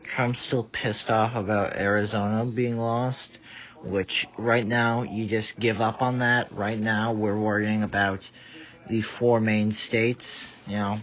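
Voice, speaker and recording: A man's voice: lowish voice, level tone, slow, a bit bright. A tired man giving rambling casual live commentary, stumbling over his words. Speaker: vlogger. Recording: dull lo-fi audio.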